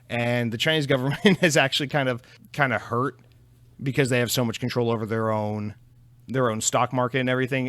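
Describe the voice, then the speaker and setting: A man's voice: medium pitch, fairly bright tone, no echo. Brief: young male podcaster, mid-range voice, loose profane rambling, dry studio sound. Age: 20s. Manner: rambling, profane, self-deprecating. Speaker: podcast host. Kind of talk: casual solo podcast chat.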